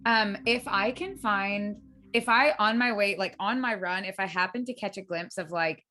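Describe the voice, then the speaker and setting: A woman's voice: medium pitch, normal speed, sharp tone. A woman playing a tabletop game, talking hesitantly with lots of "like" and restarts as she decides what to do. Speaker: player. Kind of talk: casual tabletop play.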